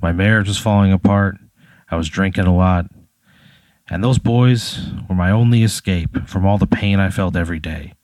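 A man improvising an aging male school coach who apologizes earnestly, with halting speech. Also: low-pitched, darkish tone, dry recording, lightly acted. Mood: remorseful. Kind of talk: improvised comedy role-play.

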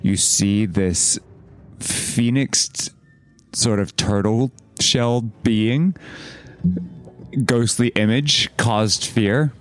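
A man's voice: fairly low pitch, extremely slow, soft background music. A man playing a tabletop game, describing his character's actions loosely and playfully. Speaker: player. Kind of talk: casual tabletop play.

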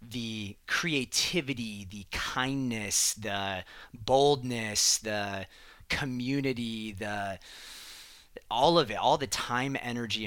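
A man's voice: lowish voice, sharp tone, no room sound. A man hosting a podcast, telling a personal story in a casual, reflective way, with lots of fillers. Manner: reflective, earnest, frequent fillers like "like" and "um". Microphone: headphones and studio mic.

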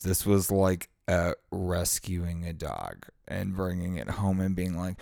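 Low-voiced, profane, fired-up man. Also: slow, gravelly, dry recording, studio quality. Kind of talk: casual motivational monologue.

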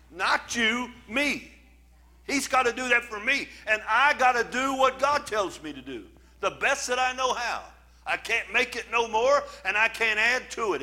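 High, bright-voiced male pastor preaching. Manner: preaching with scripture readings, emphatic and conversational. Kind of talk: sermon.

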